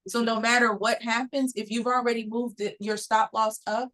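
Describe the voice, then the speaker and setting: A woman's voice: on the high side, level tone, normal speed, a bit bright, poor audio. A woman co-teaching a trading class, explaining step by step in a casual way. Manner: explanatory, breaks ideas into steps. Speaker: trading instructor.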